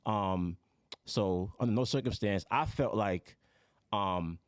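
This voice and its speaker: A man's voice: fairly low pitch, takes it slowly, dry recording, studio quality. A man from Jamaica, a guest musician in casual podcast chat, laid-back and full of "you know".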